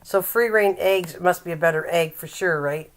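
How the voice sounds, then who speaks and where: An older woman hosts a casual live-stream chat. She teases her viewers, laughs often and reads a recipe aloud haltingly. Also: lowish voice. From Canada.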